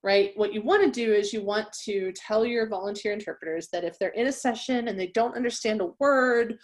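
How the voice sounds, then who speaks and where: A woman's voice: mid-range voice, brisk. A woman who trains interpreters, giving a conversational webinar presentation and often checking in with her listeners. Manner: conversational, checks in with frequent "right?".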